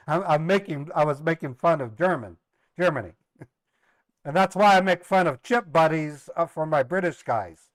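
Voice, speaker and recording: A man's voice: a little high, unhurried, long pauses, no room sound. A middle-aged man casually telling family stories on a livestream, rambling, repeating words and laughing at his own jokes. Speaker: live streamer and scambaiter.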